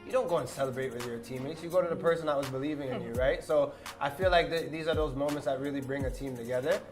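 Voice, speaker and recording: A man's voice: mid-range voice, quick pace, music in the background. Easygoing man soccer analyst. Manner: easygoing, playful, laughs often. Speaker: soccer analyst and former player. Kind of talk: casual studio panel talk.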